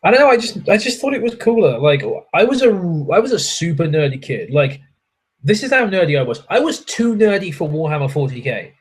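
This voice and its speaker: A man's voice: fairly high pitch, sing-song, brisk, slightly rough, poor audio. A young adult man, hosting a casual livestream from a hotel room and answering chat in a rambling way, swearing freely and poking fun at himself.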